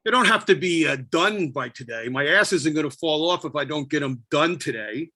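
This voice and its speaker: Bright high-voiced man performing a poem. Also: lively intonation, fairly quick, slightly rough. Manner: brooding, self-questioning, wry. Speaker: poet. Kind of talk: spoken-word poetry performance.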